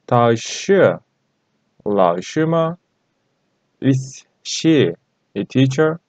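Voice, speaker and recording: Slow, halting man. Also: medium pitch, sing-song, darkish tone, no echo. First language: Turkish. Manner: halting and repetitive, many fillers. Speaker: Chinese language teacher. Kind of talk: language lesson. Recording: dull lo-fi recording.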